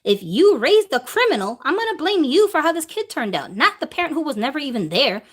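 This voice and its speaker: A woman's voice: sits high, sing-song, a little fast. A woman hosting a live viewer Q&A, talking in an emphatic way and throwing out rhetorical questions. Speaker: host answering viewer questions. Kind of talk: live-stream opinion talk.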